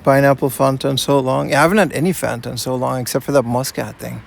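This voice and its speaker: With a creaky, mid-range voice and fairly even intonation, this man talks fast while streaming live outdoors on city streets; a bit of hiss or hum comes through. The IRL streamer carries a portable rig, casually reads out and responds to his chat, and often says "man" and "you know."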